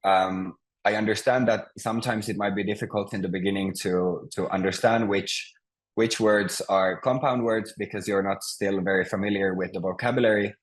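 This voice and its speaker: A man's voice: lowish voice, fairly even intonation, normal speed, rough recording. A man teaching Finnish pronunciation in an online class, patient and hesitant, with many fillers and restarts. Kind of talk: online language lesson over Zoom. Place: home, video call. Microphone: video call mic.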